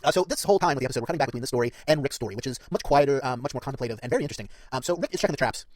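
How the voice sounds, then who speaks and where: A man on a podcast giving a rapid, detailed recap of a TV episode in a casual chatty way. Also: mid-range voice, lively intonation, a little mellow, dry recording. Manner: rapid, detailed retelling with fillers.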